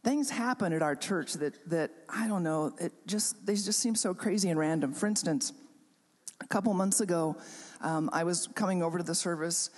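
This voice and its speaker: A woman's voice: fairly low pitch, moderate pace, a little mellow. A woman pastor telling a story in a sermon, talking conversationally with many fillers and restarts. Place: chapel hall. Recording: long reverb of a chapel hall.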